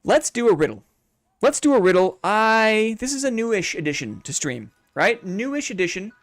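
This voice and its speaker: Lively, mock-formal male streamer. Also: sits high, normal speed, no room sound. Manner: playful, mock-formal and upbeat. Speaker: game streamer. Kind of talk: casual live-stream chat.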